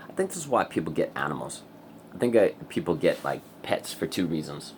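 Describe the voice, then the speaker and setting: A man with a very deep, low voice talks to camera in a loose, rambling vlog. He sounds wired and full of restless energy, swears constantly and keeps breaking into laughs. A faint hiss sits under his voice. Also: sing-song, brisk. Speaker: vlogger.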